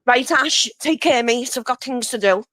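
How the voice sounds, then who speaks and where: A woman's voice: on the high side, moderate pace, fairly bright tone, dry recording. A woman with a Scouse accent calling into a livestream, hurling abusive insults and threats. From Liverpool. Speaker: caller. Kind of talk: angry livestream call-in.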